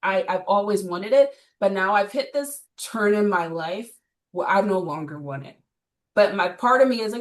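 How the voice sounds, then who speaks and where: Woman trainer, blunt n energetic, sits a bit off the mic. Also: mid-range voice, normal speed, distant mic. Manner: blunt, energetic, laughs often. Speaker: personal trainer. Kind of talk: casual interview chat.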